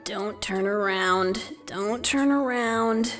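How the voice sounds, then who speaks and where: A woman's voice: medium pitch, slow, a bit bright, faint music behind. A woman voicing a brash, tomboyish female pegasus pony who talks bluntly and firmly. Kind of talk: fan-fiction audio reading.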